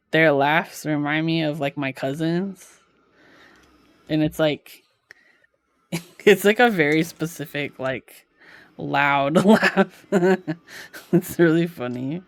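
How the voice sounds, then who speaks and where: A woman streaming from home, chatting with her viewers in an unhurried, low-pitched way. She fills her talk with "like" and laughs easily, and her voice sounds close and dry, with no room echo. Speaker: live streamer. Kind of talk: casual chat while reading live chat.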